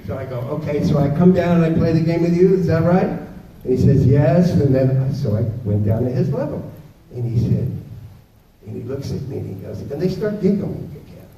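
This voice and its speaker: A man telling a story on a convention stage with dramatic pauses, acting out the voices. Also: fairly high pitch, animated, warm tone, slight background noise. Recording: echoey convention hall, far from mic, dull.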